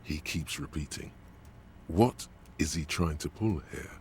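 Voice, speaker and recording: A detective's inner voice narrating a game, as an actor voices it: extremely deep and drawn out, with a slow, ominous, taunting delivery. Faint music plays underneath. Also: male voice, noisy background. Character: the male inner voice of a detective's mind.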